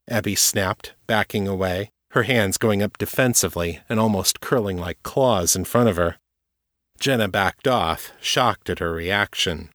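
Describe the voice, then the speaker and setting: A man with a low voice narrates a fantasy story in a steady, measured reading. The recording is dry and close, with no room sound. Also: no room sound. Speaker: audiobook narrator.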